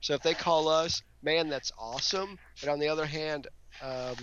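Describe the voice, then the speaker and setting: A man's voice: a little high, fairly even intonation, moderate pace, fairly bright tone, lo-fi sound, slight background noise. A man moderating a casual panel chat, joking and rambling.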